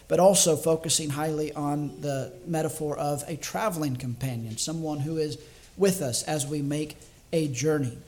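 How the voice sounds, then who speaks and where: Male evangelist with a fairly high voice, preaching in a thoughtful, measured way and thinking aloud. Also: darkish tone. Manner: reflective and measured, slowing down to stress key words; thinks aloud with small restarts. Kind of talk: sermon.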